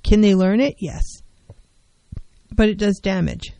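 A woman's voice: medium pitch, unhurried, creaky, warm tone, no room sound, low-quality recording. A middle-aged woman counselor giving an earnest, emphatic talk on handling feelings, repeating key phrases to drive them home. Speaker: licensed professional counselor. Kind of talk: educational talk on mental health.

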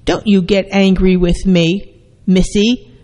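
A stern parent rebuking a small child with sharp questions, as a therapist acts it out. The voice is raised and pitched a little higher. A long hall reverb trails each line. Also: flat delivery, takes it slowly, lightly acted. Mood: scolding.

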